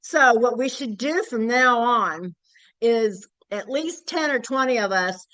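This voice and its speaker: A woman's voice: fairly high pitch, expressive, unhurried, a bit bright, no echo, low-quality recording. An older woman speaking at a community group meeting, candid and blunt, rambling with frequent fillers. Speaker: local activist group member.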